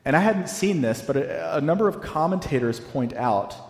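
A man in his thirties, a pastor giving a conversational sermon, repeating key phrases slowly for emphasis, in a church sanctuary. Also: fairly high pitch, animated. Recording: echoey hall with long reverb.

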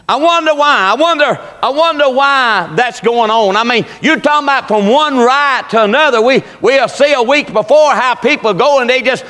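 A preacher man with a high, bright, ringing voice. He tells folksy stories in plain dialect and builds to shouts. His voice carries through a reverberant church hall. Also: moderate pace. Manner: folksy storytelling with Southern dialect, rising to shouts. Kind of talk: sermon.

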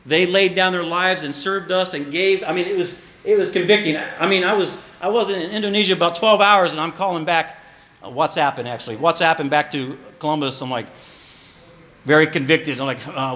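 Lively high-voiced preacher in echoey hall. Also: male voice, fairly quick. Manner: animated, joking asides, repeats words. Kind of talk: sermon. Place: church hall.

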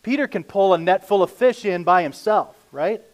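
A man's voice: high-pitched, expressive, normal speed. Conversational male pastor preaching. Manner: conversational preaching, reads scripture aloud, swings from emphatic to hushed. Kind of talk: sermon.

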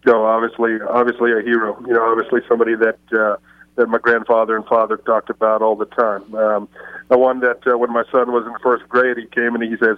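A man's voice: mid-range voice, flat delivery, quick pace, dry recording. Guy on the phone for a radio show, tinny narrow line, dry, lots of uh and you know. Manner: storytelling, frequent fillers and restarts. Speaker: baseball scout, guest. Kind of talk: radio interview talk.

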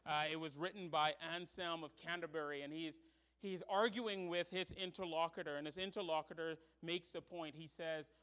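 Male pastor, high-pitched voice, earnest sermon delivery building to emphatic peaks. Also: fairly even intonation, moderate pace, a bit bright. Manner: earnest preaching, rising to emphatic pleading.

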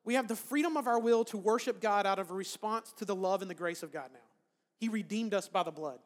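A man delivers a sermon in a relaxed, conversational preaching style. He often restarts phrases and checks in with his listeners. His voice sits high, and a long hall reverb trails after each phrase. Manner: conversational preaching with frequent "right?" asides and restarts. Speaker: pastor.

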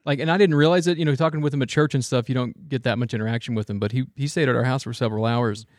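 A man's voice: medium pitch, fairly even intonation, rapid-fire, a little mellow, dry recording, clean studio sound. A man in his thirties, a father of young kids, telling stories in casual chat with lots of fillers. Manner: rambling storyteller, many fillers.

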